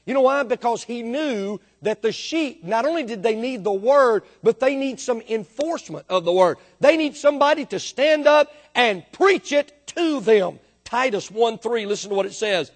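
Male pastor, high voice, emphatic sermon delivery, quiet to loud swings. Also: lively intonation, moderate pace, few pauses.

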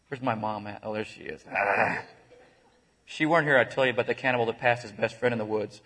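A man's voice: mid-range voice, quick pace, a bit bright, slightly rough. A man speaking at a church who tells jokes and family stories and often laughs at his own punchlines. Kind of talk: comic storytelling.

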